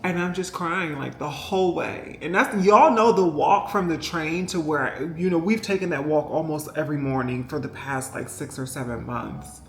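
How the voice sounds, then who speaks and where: A woman's voice: sits low, moderate pace, few pauses, slight background noise. A woman vlogger telling a story in a casual, rambling and emotional way, with many fillers and asides to her viewers. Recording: echoey room with faint music behind.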